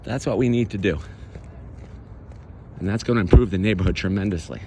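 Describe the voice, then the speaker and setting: A man with a fairly low voice walks the streets and talks to his handheld camera in a chatty, sarcastic way. Faint traffic noise runs behind him outdoors. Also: fairly quick, dark tone. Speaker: vlogger walking his neighborhood. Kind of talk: casual walking vlog.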